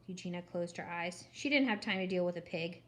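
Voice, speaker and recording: A woman narrating a children's storybook in an expressive, wry reading voice. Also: fairly low pitch, fairly quick. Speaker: storybook reader.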